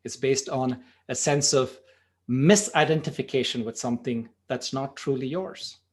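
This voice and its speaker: A man's voice: medium pitch, moderate pace. A man teaching a meditation workshop, talking conversationally and telling stories, often saying "you know". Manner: conversational, frequent "you know", spurts of speed. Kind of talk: workshop talk with storytelling.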